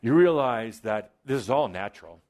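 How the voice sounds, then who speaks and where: A man's voice: medium pitch, animated, moderate pace, a little mellow. A man giving a channeled spiritual talk to a live audience, in a playful, teasing and theatrical way, stretching out key phrases for emphasis. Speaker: spiritual teacher addressing a live group.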